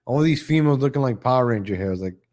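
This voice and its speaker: A racing, expressive male voice, mid-range and a little mellow. Running a live online show, he rants casually and sarcastically, often echoing his own first words, and mocks others with exaggerated voices. His talk is opinionated and jumps around from subject to subject.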